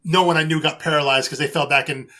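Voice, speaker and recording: A man co-hosting a podcast, talking casually and haltingly with many repeated words and fillers. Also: fairly high pitch, steady tone, pushed and bright. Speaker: podcast co-host.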